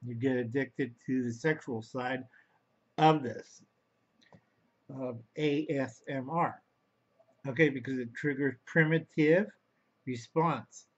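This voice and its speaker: A man's voice: mid-range voice, slow pace, pauses often, muffled recording. A man rambling through a home video monologue, talking to his viewers as boys and girls and calling himself by name in the third person. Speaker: vlogger.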